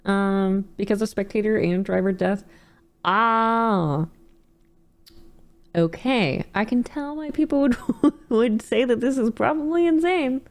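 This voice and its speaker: A young adult woman streamer casually reacting to videos, animated and laughing often, with casual swearing. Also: a little high, slow pace.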